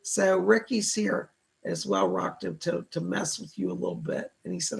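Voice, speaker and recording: A man hosting live psychic readings, thanking donors and relaying spirit messages in a slightly hoarse voice. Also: sits high, fairly even intonation, normal speed, low-quality recording. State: hoarse, voice going. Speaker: psychic medium host.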